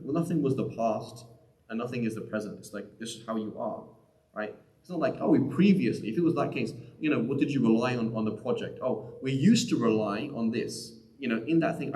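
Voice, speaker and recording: A man's voice: fairly low pitch, darkish tone. A man giving a live lesson on Quranic Arabic in a conversational way, often asking "right?" and restarting his sentences. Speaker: teacher. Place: mosque or community center room. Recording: echoey room.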